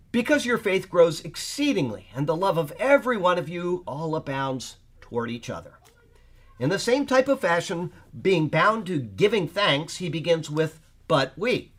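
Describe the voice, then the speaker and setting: A man with a somewhat high voice teaches an informal Bible study. He explains points at length and thinks aloud with fillers as he goes. He keeps checking in with his listeners to make sure they follow. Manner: checks in with listeners, often asking "okay?".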